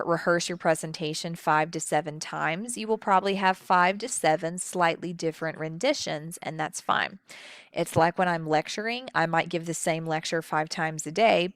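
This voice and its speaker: A woman with a Southern US accent gives a recorded lecture on public speaking. Her voice sits a little low and comes through smooth and clear. She plays up her delivery to show each technique, and the recording is dry and close. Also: no echo. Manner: expressive, demonstrates vocal techniques.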